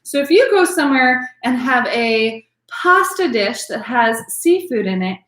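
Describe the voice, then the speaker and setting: A woman's voice: a little high, animated, unhurried, fairly bright tone, roomy sound. A woman teaching a wine class, explaining in a conversational way with frequent ums and self-corrections. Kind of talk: explanatory lesson.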